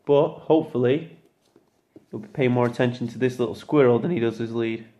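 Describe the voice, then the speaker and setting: A man's voice: medium pitch, brisk, mellow, dull audio. A man vlogging as he trains his puppy, talking casually and explaining each step, coaxing the dog in a sing-song voice. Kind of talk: casual vlog narration. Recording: echoey room.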